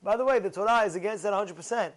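High-voiced man telling Torah stories. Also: very fast. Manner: animated, repeats words, uses Hebrew terms. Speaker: rabbi giving a Torah talk. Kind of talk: sermon with personal stories.

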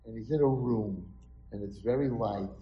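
A man's voice: fairly low pitch, normal speed, muffled recording, faint music behind. A man, a rabbi, dramatically telling a story in a sermon at an event hall. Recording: echoey hall.

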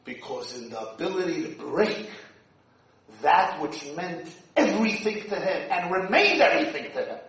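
Brief: man, fiery sermon, quiet to shouting, very roomy hall sound. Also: high voice, expressive, normal speed. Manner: dramatic swings from hushed to shouting. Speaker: rabbi giving a speech. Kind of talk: impassioned sermon. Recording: echoey hall, distant mic.

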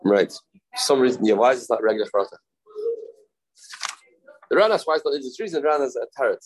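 A man's voice: mid-range voice, expressive, a little hiss or hum, low-quality recording. A man teaching a Talmud study class, explaining in English with Hebrew and Aramaic terms and acting out the speakers he quotes. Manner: halting, self-correcting delivery.

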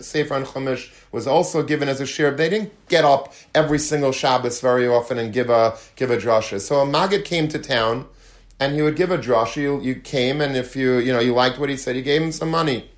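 A man's voice: medium pitch, brisk. Male rabbi, sermon storyteller with plenty of color. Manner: lively storyteller, acts out quotes, Yiddish and Hebrew terms. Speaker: rabbi giving a talk.

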